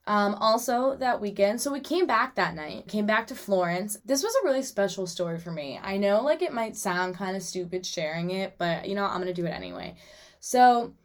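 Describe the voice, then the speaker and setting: A young woman hosts a solo podcast in a loose, chatty way. She talks animatedly, full of "like" and side comments, in a voice of ordinary pitch. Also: moderate pace. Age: young adult. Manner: chatty and animated, lots of "like" and asides. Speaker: podcast host. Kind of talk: casual solo podcast chat.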